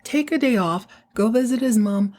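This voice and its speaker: A woman hosting a podcast, casually recapping a TV episode in an animated, slangy way and acting out the characters. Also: on the high side, normal speed. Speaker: podcast host.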